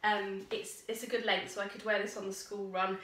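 This young woman vlogs from an upstairs room in her home, chatting with enthusiasm and rambling somewhat while showing her finds. Her mid-range voice is fairly bright, brisk, and delivered flatly.

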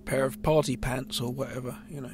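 A man's voice: mid-range voice, flat delivery, brisk, vocal fry, darkish tone, faint music behind. A man, a podcast co-host who cuts in with film trivia and chatty asides. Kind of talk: casual film-recap chat.

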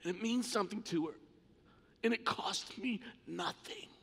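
A man's voice: sits high, normal speed, creaky, fairly bright tone, breathy edge. A man preaching a sermon as pastor in a church sanctuary, in an impassioned, emphatic way. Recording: long church reverb.

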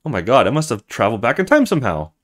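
A man's voice: medium pitch, huge pitch swings, very fast. A man voicing a worn-out thirty-year-old woman in a video game, speaking ruefully and sardonically. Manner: rueful, sardonic, self-pitying. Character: weary 30-year-old woman, her own future self.

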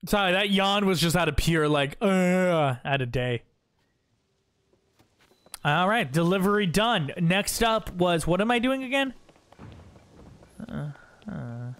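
Animated, goofy male game streamer. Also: sits high, slow pace, pauses often, clear, resonant tone, dry recording, studio quality. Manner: goofy, talks to himself and chat. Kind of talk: live gameplay commentary.

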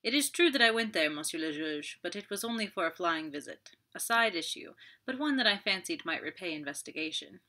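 A woman voicing a polite, shrewd older detective in an audiobook, measured and guarded in speech. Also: fairly low pitch, lively intonation, pushed and bright.

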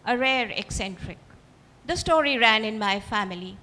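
A woman reading her own fiction aloud at a literary festival, expressive and speaking directly to the audience. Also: on the high side, moderate pace. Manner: expressive, storytelling, addresses audience. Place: festival auditorium. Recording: reverberant hall.

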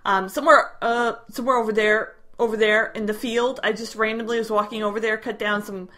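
A woman hosting her own game let's play, chattering in a hyper, excitable way as she plays at her home computer. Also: on the high side, fairly quick. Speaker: gaming channel host. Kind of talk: Minecraft let's play commentary. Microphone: headphones with desk mic.

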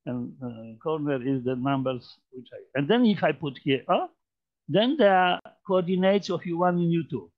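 A Polish-accented man with a fairly high voice gives an informal maths lecture, demonstrating on a computer. His speech is halting, full of fillers, restarts and repeated phrases, and the recording is dull and lo-fi.

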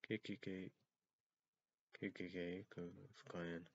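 A man hosting a rambling solo talk show, reading out names and words one by one in a halting way. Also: sits low, level tone. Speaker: host. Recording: dull lo-fi recording.

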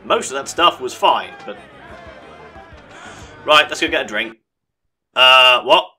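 A man's voice: mid-range voice, expressive, slow pace, sharp tone, soft background music, some chatter behind. A man giving casual, sarcastic commentary while he plays a game. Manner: chatty, sarcastic, laughs at his own mishaps. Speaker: let's play host.

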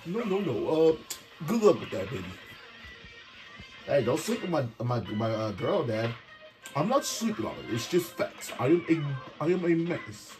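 A man's voice: fairly high pitch, very animated, normal speed, over music. A middle-aged man, a father, trading boastful, teasing banter while hosting a family video game tournament. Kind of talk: casual trash-talk over gameplay.

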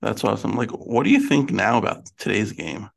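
A man with a low, gravelly voice hosts a relaxed interview. He keeps his remarks short, mostly nodding along in words before asking his next question. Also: fairly quick. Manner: relaxed, brief affirmations. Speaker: podcast host. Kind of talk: casual interview chat.

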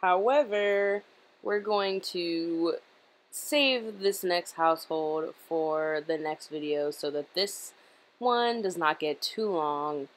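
A young woman chats her way through a life-sim game, rambling and laughing at herself. Her voice sits low, and she takes her time. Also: takes it slowly. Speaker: gaming channel host. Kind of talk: casual gameplay commentary.

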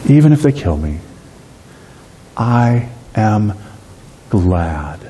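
A middle-aged man preaching a sermon as pastor, lively in delivery and slowing down to stress key phrases. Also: on the low side, a little hiss or hum. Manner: dynamic preaching, slows on key phrases, acts out everyday voices.

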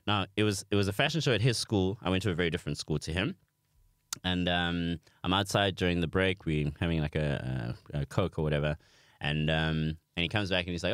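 Low-voiced south african guy, telling funny stories, dry close sound. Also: fast, dry recording. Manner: animated, self-mocking storyteller. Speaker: stand-up comedian guest. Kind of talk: podcast storytelling.

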